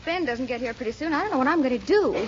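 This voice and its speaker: High, lively, exasperated young niece, old radio sound. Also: female voice, racing. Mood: impatient. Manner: exasperated, scolding. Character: young niece, fussy and impatient. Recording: dull old radio broadcast, faint hiss.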